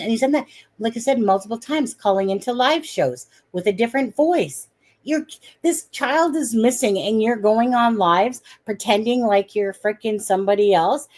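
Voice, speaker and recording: A woman's voice: on the high side, darkish tone. A woman on a live stream giving blunt, indignant commentary, swearing freely as she picks apart a case. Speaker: guest commentator.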